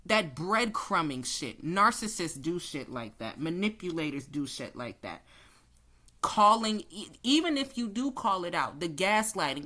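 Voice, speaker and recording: Tarot reader, woman, lowish bright forceful voice, blunt profane ranting. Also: sing-song, measured pace. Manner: blunt, heated, cussing freely.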